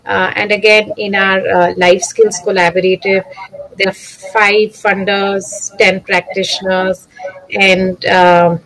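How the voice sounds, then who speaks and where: A woman's voice: medium pitch, poor audio. Woman panelist on a video call. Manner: thoughtful, with frequent fillers. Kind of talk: online panel discussion.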